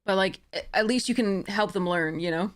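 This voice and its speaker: A woman giving casual commentary while playing a card game, chatty, often correcting herself and slipping in quick apologies. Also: medium pitch, no echo. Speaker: game streamer.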